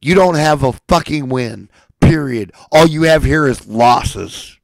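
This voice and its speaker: A man delivering a furious, profane rant, shouting at times and at others dropping to a low seething threat. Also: a little slow, vocal fry, dry recording, poor audio. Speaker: ranting speaker.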